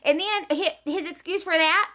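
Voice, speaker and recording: Woman ranting, high bright voice. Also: moderate pace. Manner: heated, profane, emphatic. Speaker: commentary vlogger. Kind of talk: ranting commentary.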